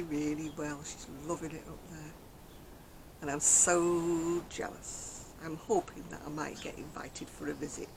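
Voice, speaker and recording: A woman's voice: low voice, background noise. Chatty English woman outdoors. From England. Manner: chatty, rambling storyteller who laughs often. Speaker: crochet vlogger. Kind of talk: casual chat. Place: outdoors on a garden deck.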